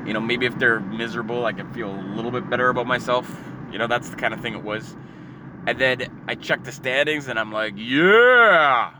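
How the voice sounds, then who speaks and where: A young man ranting profanely and sarcastically, jumping from loud outbursts to low muttering. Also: steady tone, quick pace, noisy background. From Canada. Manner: swears constantly, sarcastic, swings between shouting and muttering. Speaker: hockey fan ranting. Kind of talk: profane casual rant.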